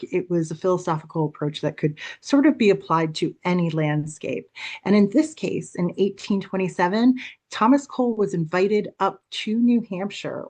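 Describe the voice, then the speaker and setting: A woman with a slightly low voice presents an art history talk to an audience. She explains paintings in an easy, conversational way and often pauses on fillers as she goes. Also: darkish tone. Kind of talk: illustrated public lecture.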